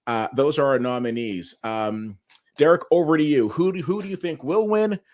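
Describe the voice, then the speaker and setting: A man's voice: on the high side, normal speed, darkish tone. A man hosting a casual awards-preview talk show, steering the chat and reading out the nominees. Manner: conversational, steers the segment and reads out nominees. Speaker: show host.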